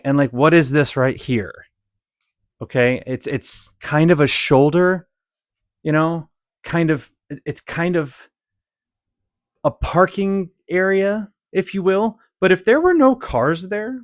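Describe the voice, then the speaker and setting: Brief: young man, slightly high voice, dry close sound, sarcastic driving-clip commentator. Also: dry recording. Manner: exasperated, sarcastic, animated when ranting. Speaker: commentator reviewing dashcam driving clips. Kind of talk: casual video commentary.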